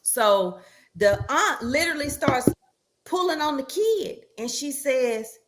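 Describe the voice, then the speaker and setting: A woman's voice: high-pitched, big pitch swings, normal speed, fairly bright tone. A woman hosting a casual podcast, telling a story in an emphatic, exasperated way. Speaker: podcast host.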